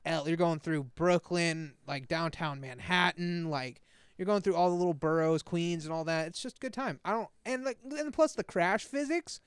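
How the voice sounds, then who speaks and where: A man in casual, animated chat about video games, swearing and laughing often. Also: fairly high pitch, moderate pace, clear, resonant tone, no room sound.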